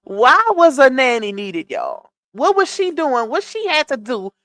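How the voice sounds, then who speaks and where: A woman's voice: sits high, sing-song, unhurried, a bit bright, no room sound. Emphatic woman commentator, dry close mic. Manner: emphatic, rhetorical questions to viewers. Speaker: commentary streamer. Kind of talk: casual commentary.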